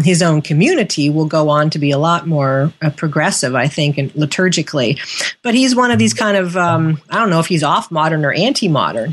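A woman author being interviewed, speaking thoughtfully with frequent fillers and restarts. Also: sits low. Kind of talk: conversational interview.

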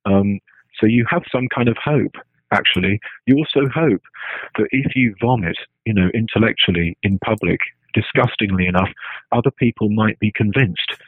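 Giving a lecture-style talk, this man has a husky, lowish voice and moves at normal speed. He reasons aloud with many restarts and tags points with "right?", heard through a dry, tinny, phone-like recording with no echo.

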